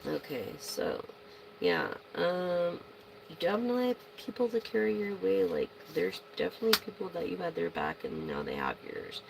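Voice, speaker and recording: A woman giving a casual tarot reading to her viewers, chatty and excitable, swearing freely and breaking into loud bursts. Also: on the low side, normal speed, creaky, heavy background noise. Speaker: tarot reader.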